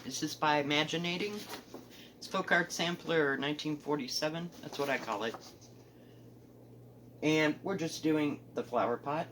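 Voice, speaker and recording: Chatty Southern woman, rambling softly. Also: low-pitched, normal speed, pauses often, slight background noise, rough recording. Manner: chatty, rambling, self-correcting, often trailing off softly. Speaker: cross-stitch vlogger. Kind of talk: casual show-and-tell chat. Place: home, indoors.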